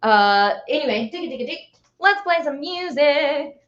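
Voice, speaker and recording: A woman's voice: high voice, expressive, moderate pace, fairly bright tone, reverberant, lo-fi sound. A woman hosting a casual live stream, chatting with viewers and reading out their comments. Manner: chatty, reads out viewer comments, stumbles over long words. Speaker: livestream host.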